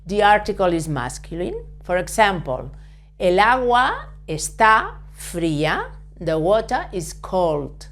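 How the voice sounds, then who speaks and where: A woman from giving a careful language lesson, patiently repeating words and spelling out letters. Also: mid-range voice. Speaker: Spanish teacher. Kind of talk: slow, careful spoken lesson.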